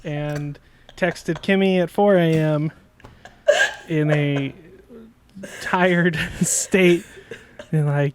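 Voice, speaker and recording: Unhurried, self-mocking man podcast host. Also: a little high, noisy background. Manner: self-deprecating, laughing through his words. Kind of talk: casual chat.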